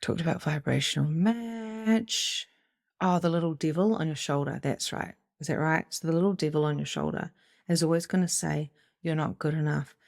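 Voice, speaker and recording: A middle-aged woman giving an animated, casual motivational talk as a spiritual coach, swearing freely and acting out inner voices. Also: low voice, moderate pace, gravelly, dry recording, studio quality. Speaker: psychic medium and spiritual coach.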